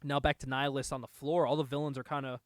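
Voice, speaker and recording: A young man hosting a podcast, casually recapping a comic book, animated and laughing often. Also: medium pitch, fast, dry recording, clean studio sound. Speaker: podcast host.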